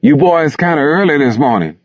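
A man plays a laconic middle-aged pool-room owner, a bit higher than the reader's own voice. The owner speaks tersely and offhand, and it is heard on a dull, dry, lo-fi recording. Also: animated, fairly quick, dry recording.

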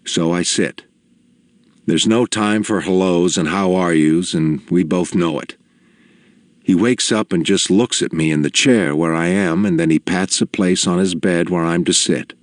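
A man narrating a personal story in the first person, slow, measured and reflective. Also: deep voice, no room sound, studio quality.

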